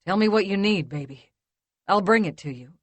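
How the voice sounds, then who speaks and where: A woman voicing a protective young man who speaks in a smooth, calm, soothing drawl. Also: mid-range voice, normal speed, no room sound, lightly acted.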